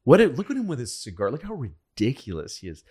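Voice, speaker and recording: A man's voice: medium pitch, wildly swooping pitch, quick pace, mellow, husky, pitched above the performer's own voice. A man putting on the voice of an older male statesman who gleefully ridicules a rival. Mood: mocking.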